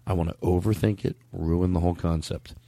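A man's voice: sits low, fairly even intonation, fairly quick, gravelly, mellow. A man hosting a casual comedy podcast, rambling through a story and laughing a lot.

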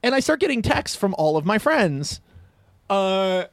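A man, a screenwriter guest on a podcast, telling a self-mocking story in animated, casual chat. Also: sits high, measured pace, no room sound.

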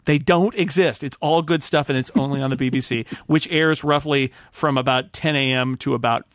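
A man from the United States hosts a casual podcast panel and leads with playful, mock-pompous rants, his voice set at an ordinary middle pitch. The recording is close and dry with no room sound around him. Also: fairly even intonation, a little fast, a bit bright, no room sound. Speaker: podcast host.

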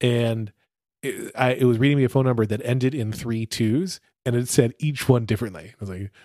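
A man's voice: mid-range voice, fairly quick, no room sound, studio quality. A man co-hosting a podcast, chatting casually and acting out funny quotes in his stories. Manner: animated storyteller, acts out quotes. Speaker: podcast co-host. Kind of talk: casual chat.

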